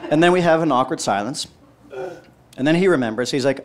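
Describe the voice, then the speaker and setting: A man's voice: medium pitch, expressive, normal speed, long pauses, background noise. A male stand-up comedian telling a long story and acting out both sides of the dialogue.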